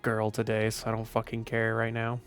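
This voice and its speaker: A man's voice: lowish voice, monotone, moderate pace, soft background music. A tired, sleepy man chatting casually on a live stream, rambling and offhand with the odd swear. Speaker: VTuber streamer.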